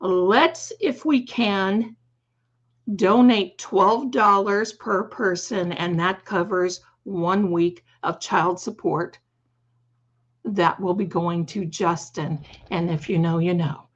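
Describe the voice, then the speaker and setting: A slightly hoarse woman hosting a live stream, chatting fondly with viewers and calling them her darlings. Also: fairly low pitch, takes it slowly, dull audio. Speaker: livestream host. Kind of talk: casual livestream chat.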